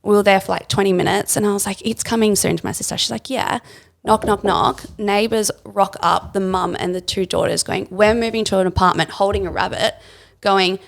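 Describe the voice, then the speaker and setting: A young woman with an Australian accent chats on a podcast, her voice often dropping into a gravelly fry. She tells stories with animation, acting out the people she quotes and saying "like" often. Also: mid-range voice, fairly quick. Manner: animated storyteller, fillers of "like", acts out quoted voices. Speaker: podcast host. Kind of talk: casual chat.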